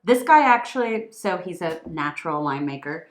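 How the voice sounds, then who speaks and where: A woman with a notably low voice co-hosts a casual wine tasting and explains regions and makers. She talks casually and knowledgeably. The room around her is echoey. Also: lively intonation, a little fast, slight background noise. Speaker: co-host, wine shop worker.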